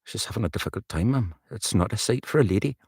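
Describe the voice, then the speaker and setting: A man's voice: fairly low pitch, expressive, fast talker, darkish tone, slightly rough, dry recording, clean studio sound. A man voicing a slatternly Newcastle woman from an audiobook, trying a Geordie accent and rehearsing her lines over and over. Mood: weary. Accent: attempted Geordie.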